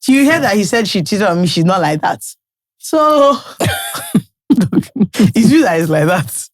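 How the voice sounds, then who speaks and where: Lively woman podcast host. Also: medium pitch, unhurried, dry recording, studio quality. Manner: teasing, interrupting with questions. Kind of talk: casual chat.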